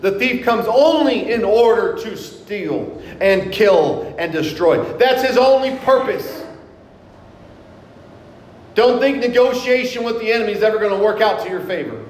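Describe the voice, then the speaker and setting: High-voiced preacher in an echoey hall. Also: male voice, slight background noise. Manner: earnest preaching, slows down for scripture quotes. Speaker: pastor. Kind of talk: sermon. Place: church sanctuary. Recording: echoey hall, mic in room.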